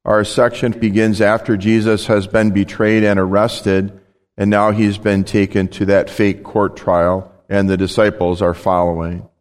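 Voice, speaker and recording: A man, a pastor, reading scripture in a service in a measured prayerful way. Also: fairly low pitch, in a large hall.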